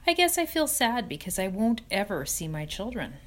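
A woman's voice: medium pitch, big pitch swings, normal speed, slight background noise, natural voice. A woman doing a weak, weary wise spider. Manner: gentle, quiet, slipping to a whisper. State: weak, tired voice. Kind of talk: storybook reading.

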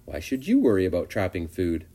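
Dude reading as a wise old-soul spider lady, calm and measured, mellow and low. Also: exaggerated voice. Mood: calm advising. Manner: measured, gently lecturing. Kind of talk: storybook reading.

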